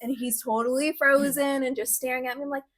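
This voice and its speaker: A woman's voice: high-pitched, level tone, fast, a bit bright. A woman on the staff telling a short anecdote in a casual chat. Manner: brief reactions, easy anecdote. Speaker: staff member.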